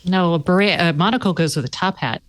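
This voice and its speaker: A woman's voice: fairly low pitch, fast. A woman co-hosting a tech podcast, chatting casually with a wry, teasing manner. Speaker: podcast co-host. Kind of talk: casual panel chat.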